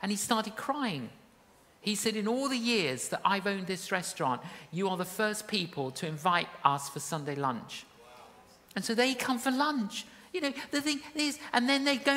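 A woman's voice: mid-range voice, animated, moderate pace, fairly bright tone. A woman preaching a sermon in a church hall, telling stories and building to emphatic calls. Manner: storytelling, rising to emphatic calls. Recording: long reverb of a large hall.

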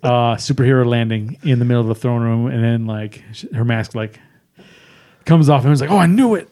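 A man in casual podcast chat, rambling as he recaps a film and slipping into characters' lines. His voice sits in an ordinary middle pitch. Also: fairly even intonation, brisk, mellow.

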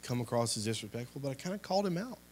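Young male preacher, mid-pitched, fervent sermon delivery with surges and hushes. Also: animated, rapid-fire, a little hiss or hum. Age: young adult. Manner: impassioned, rising and falling in volume, repetitive exhortations. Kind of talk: sermon with closing prayer.

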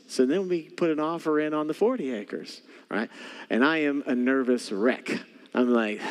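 A male pastor with a mid-range voice speaks at a normal pace, preaching a sermon in a church sanctuary. He tells a story with animation and addresses his congregation directly. The long reverb of the church hall carries through the recording.

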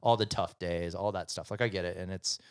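A man's voice: sits low, steady tone, a little fast, smooth, dry recording, studio quality. A middle-aged man chatting casually and rambling through a family story, with plenty of fillers and acted-out dialogue. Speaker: divorced father sharing his story. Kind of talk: casual conversational chat.

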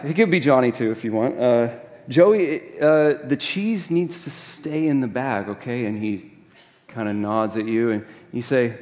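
A middle-aged man preaches in a relaxed, conversational way, building stories and throwing rhetorical questions at the congregation. His voice sits in an ordinary middle pitch. The sound rings with the long reverb of a large church hall. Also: moderate pace. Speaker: pastor. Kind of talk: sermon.

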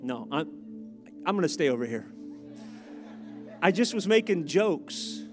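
A man preaching a sermon as pastor, joking in asides and building to loud, emphatic exhortations. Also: a little high, big pitch swings, measured pace, music in the background.

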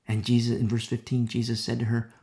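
A preacher giving an impassioned sermon, repeating phrases for emphasis and dropping to hushed whispers between louder passages. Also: medium pitch, monotone, fast talker. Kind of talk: expository sermon.

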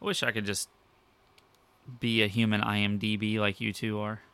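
A man's voice: on the low side, completely flat delivery, moderate pace, bright, forceful tone, smooth. A man joining a casual movie watch-along, making wry remarks with swearing.

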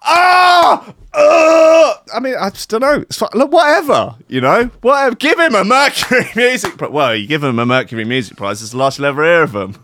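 A man's voice: on the high side, big pitch swings, quick pace, few pauses, sharp tone, a little hiss or hum. A man hosting a radio show in casual chat, rambling, sweary and sarcastic, on a studio mic.

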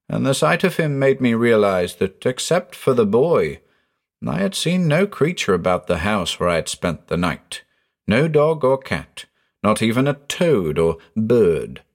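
A man narrating a ghost story in a measured, expressive storytelling manner. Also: lowish voice. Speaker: audiobook narrator and channel host.

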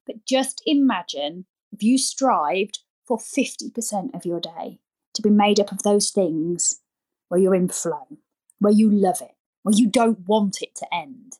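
A woman's voice: mid-range voice, measured pace, warm tone. A woman, a nursery founder, chatting energetically as a podcast guest and repeating words for emphasis. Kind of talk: casual interview chat.

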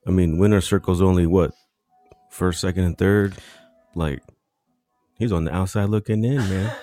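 A podcast co-host chatting casually in a blunt, mocking, laid-back way. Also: male voice, low-pitched, fairly even intonation, moderate pace, mellow, dry recording, faint music behind. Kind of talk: casual chat.

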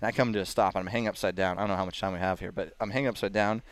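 A middle-aged man, a racing driver, telling a story in casual chat with lively voices for the people in it. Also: low-pitched, very fast, clean tone. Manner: animated, acts out voices of others, laughs through story.

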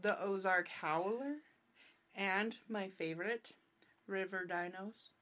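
A woman co-hosting a casual comedy podcast, excitable and quick to laugh. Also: medium pitch. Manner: giggly, excitable, jokey. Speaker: podcast co-host.

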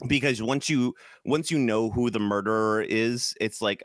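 A man's voice: lowish voice, normal speed, no room sound, studio quality. A man from Chicago co-hosting a casual podcast chat, rambling with lots of restarts and fillers. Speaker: podcast co-host.

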